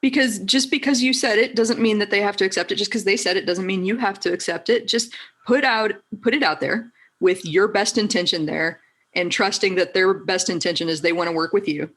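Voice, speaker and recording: A woman's voice: medium pitch, fairly quick, a bit bright. A woman hosting a podcast interview, encouraging and enthusiastic in casual talk. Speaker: podcast host.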